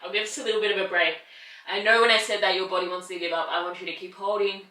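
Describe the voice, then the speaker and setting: A woman's voice: mid-range voice, steady tone, rapid-fire, bright, forceful tone, echoey room, recorded from a distance, poor audio. A woman leading a yoga class, cheering the listener on as she holds the poses herself and strains along with them. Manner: encouraging, pushes through effort and laughs at the strain. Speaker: yoga instructor. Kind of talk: guided yoga class instruction.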